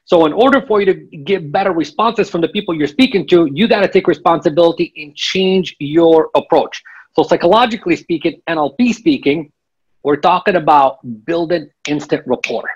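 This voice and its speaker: A man's voice: on the high side, fairly quick, slightly rough, lo-fi sound. A man coaching as an interview guest, emphatic and checking in with the listener. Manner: emphatic, checks in with repeated "okay?". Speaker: real estate coach, guest.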